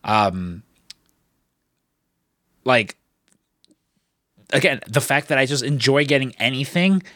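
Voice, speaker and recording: A man's voice: medium pitch, sing-song, slow, bright, forceful tone, no room sound, studio quality. A man telling long stories in casual chat, rambling with many fillers and frequent swearing.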